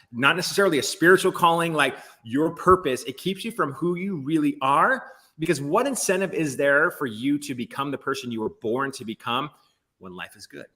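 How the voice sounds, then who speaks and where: A man's voice: mid-range voice, bright, forceful tone. A man giving an emphatic, rambling motivational talk on a business panel, with restarts.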